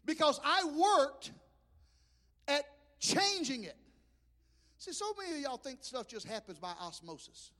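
A high-pitched Southern preacher from Alabama tells his sermon stories in an animated way, stumbling over restarts. His voice rings out with a long church-hall reverb. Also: unhurried, long pauses. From Mobile, Alabama. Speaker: pastor. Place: church sanctuary.

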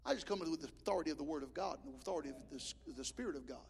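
Gravelly, high-pitched impassioned male preacher. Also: rapid-fire. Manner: impassioned preaching with shouted peaks and stammered restarts. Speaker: pastor. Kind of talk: Pentecostal sermon. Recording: long reverb of a large hall.

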